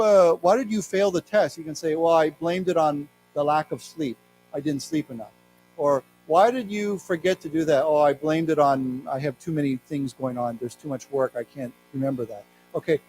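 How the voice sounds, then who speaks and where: A middle-aged man with an American accent teaching an English lesson, explaining words and reading news aloud slowly. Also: on the high side, darkish tone, slight background noise, poor audio. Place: library lecture room.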